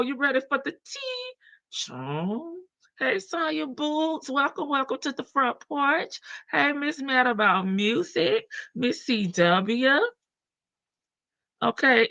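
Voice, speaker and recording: A woman's voice: high voice, creaky, bright, forceful tone, no room sound, muffled recording. A woman hosting a casual livestream, greeting chat members by name in a slangy, playful way. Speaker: livestream host.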